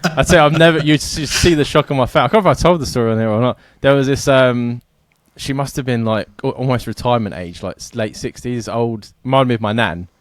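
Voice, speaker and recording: Laughing English podcast host, dry sound. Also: male voice, mid-range voice, fast, hardly any pauses, dry recording. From England. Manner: laughing, swearing storyteller. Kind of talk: casual podcast chat.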